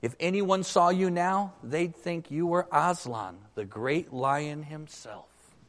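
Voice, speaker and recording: Man doing a sly storybook male ape, whiny, coaxing, overly sweet, high, booming hall echo. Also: slow pace. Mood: flattering. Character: sly scheming male ape, wheedling and guilt-tripping.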